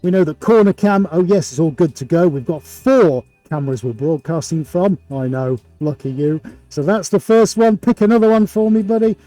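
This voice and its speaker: Faint music sits behind a middle-aged man's fairly high, mellow voice as he hosts a painting livestream at a moderate pace. He presents with upbeat showman energy, chatty and full of jokes, from a home art studio fitted with several cameras.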